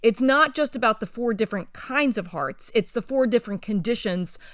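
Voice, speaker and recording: A woman co-hosting a Bible study discussion, talking with enthusiasm and growing animated as she retells scripture. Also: a little high, normal speed, no echo, studio quality.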